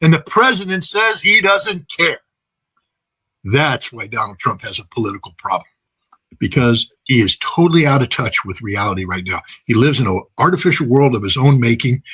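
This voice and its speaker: A man with a slightly husky voice delivers political commentary without a script. He hammers his points home by repeating phrases, and leans on everyday examples between his ums and uhs. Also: medium pitch, lively intonation, normal speed, pushed and bright. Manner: emphatic, repeats phrases for effect, frequent filler words; folksy, uses everyday examples and laughs at his own points. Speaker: political commentator, interview guest.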